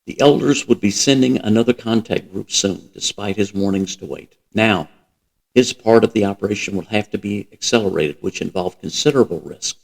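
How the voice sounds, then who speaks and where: A man reading a novel aloud as host, in a steady, even narration. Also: fairly low pitch, normal speed, vocal fry, rough recording. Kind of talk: audiobook-style reading.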